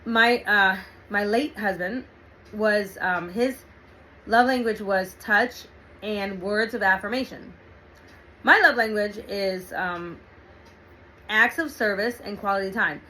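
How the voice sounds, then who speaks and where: Bright-voiced woman telling a story. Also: mid-range voice, slow pace, rough recording. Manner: chatty, animated, laughs often, frequent fillers. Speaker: relationship talk host. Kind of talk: casual storytelling monologue.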